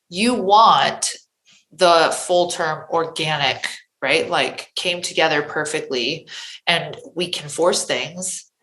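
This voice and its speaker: Woman podcast host, casual and chatty, bright edge, echoey room. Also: deep voice. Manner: chatty, tags lines with "like" and "right?". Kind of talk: casual interview chat.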